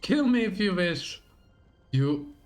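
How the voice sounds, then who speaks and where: A man's voice: high voice, sing-song, slow, soft background music, exaggerated voice. A man voicing a bitter, vengeful woman in a game, speaking in short, broken, accusing sentences.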